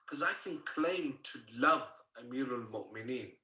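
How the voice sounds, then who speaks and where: A man preaching a sermon from a book-filled room at home, telling a story slowly and with feeling, and asking his listeners rhetorical questions. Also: medium pitch, fairly even intonation, sharp tone. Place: home room full of books. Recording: roomy, distant home recording.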